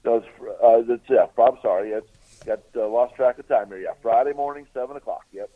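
A man's voice: medium pitch, fairly quick. Man talking over a tinny phone line. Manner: rambling, many fillers and restarts. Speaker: guest sportswriter. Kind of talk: casual phone-in analysis.

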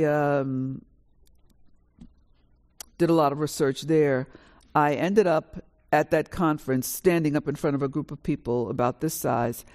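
On stage at a live panel in a college auditorium, a New York author in her sixties tells her family story to the audience. Her low-pitched voice carries lively, animated energy, and she acts out the dialogue as she goes.

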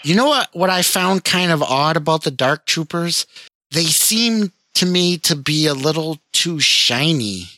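A man's voice: a little high, lively intonation, unhurried, sharp tone, dry recording. A man co-hosting a podcast in casual chat, agreeable and swearing freely. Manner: agreeable, profane. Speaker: podcast co-host.

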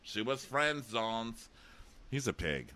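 A man in casual chat, animated and profane, acting out quotes as he talks. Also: mid-range voice, slow, no echo.

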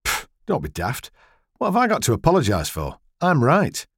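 A man's voice: mid-range voice, huge pitch swings, moderate pace, husky, no room sound, clean studio sound, pitched above the performer's own voice, exaggerated voice. A man voicing a cheeky, blunt English husband with a teasing, sarcastic edge in an audiobook.

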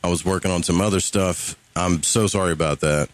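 A man's voice: sits low, fairly even intonation, fairly quick. A man with a Southern US accent hosting a live call-in radio show, talking casually and a little rambling. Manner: laid-back, rambling, swears casually.

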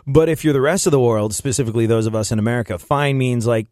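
A man's voice: medium pitch, fast talker, darkish tone, no echo, studio quality. A man hosting a podcast, chatting casually, rambling and laughing often. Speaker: podcast host. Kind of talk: casual chat.

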